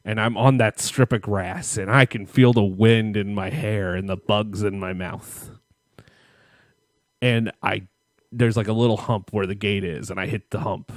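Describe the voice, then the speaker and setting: A man's voice: on the low side, fairly even intonation, a little slow, no room sound, clean studio sound. A man co-hosting a podcast, telling a long, profane childhood story in a rambling way and laughing at himself. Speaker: podcast co-host. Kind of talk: casual storytelling chat.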